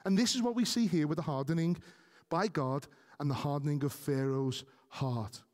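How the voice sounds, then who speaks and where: A man's voice: a little high, moderate pace, darkish tone, big-room sound. A man preaching a sermon earnestly, speaking directly to his congregation and rising to emphatic peaks.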